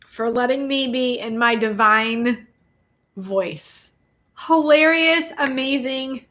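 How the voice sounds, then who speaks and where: Excitable woman host, lightly higher voice. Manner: excitable, gushing, laughs often. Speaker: host giving tarot readings. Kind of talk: casual live-stream chat.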